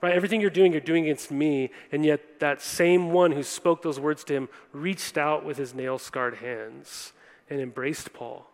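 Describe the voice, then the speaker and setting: A man's voice: fairly high pitch, steady tone, normal speed. A young man preaching a sermon earnestly, addressing listeners directly and often checking in with "right?". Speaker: pastor. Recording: long hall reverb.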